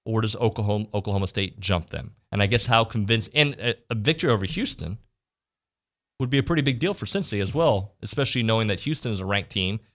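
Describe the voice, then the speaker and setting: A man's voice: lowish voice, lively intonation, fast, fairly bright tone. A man hosting a sports radio show, chatting casually about college football and often restarting his sentences. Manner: conversational, trails off and restarts.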